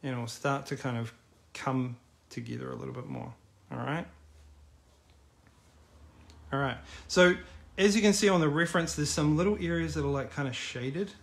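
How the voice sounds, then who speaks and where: A man's voice: a little high, normal speed, creaky. A middle-aged man teaching a live online drawing class in a casual, encouraging, chatty way. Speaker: art teacher.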